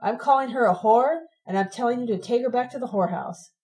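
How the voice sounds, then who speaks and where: Menacing, shouting older father in a storybook reading, a woman doing the voice, loud and raised, mellow underneath. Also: fairly high pitch, quick pace, voice pushed up, natural voice, low-quality recording. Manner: shouting, threatening.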